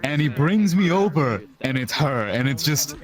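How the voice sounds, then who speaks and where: A young man telling a long, profane story in animated casual talk, acting out the quotes, over online voice chat. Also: mid-range voice, moderate pace.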